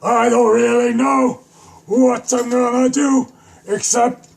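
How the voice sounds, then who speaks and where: Young male streamer, high gravelly voice, slow silly rambling with sudden shouts. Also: flat delivery. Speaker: live streamer. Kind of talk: goofy solo live stream.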